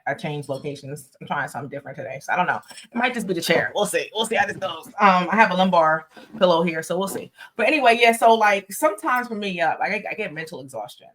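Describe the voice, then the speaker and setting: A woman's voice: low-pitched, fairly bright tone. A woman co-hosting a podcast, talking candidly in casual chat with a teasing edge. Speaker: podcast co-host.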